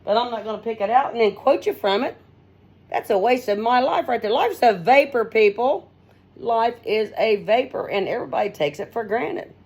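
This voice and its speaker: A woman's voice: a little high, animated, normal speed, darkish tone, slightly rough. A middle-aged woman, hosting a casual, unscripted monologue in a blunt, outspoken, rambling way, calling listeners honey and man, talking into her own device's mic without a headset. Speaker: host.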